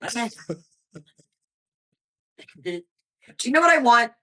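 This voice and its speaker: A woman comedian in her thirties, telling blunt, profane stories in a high-energy way during a casual podcast chat. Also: very animated, takes it slowly, fairly bright tone, low-quality recording. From Pennsylvania, US. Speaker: stand-up comedian guest.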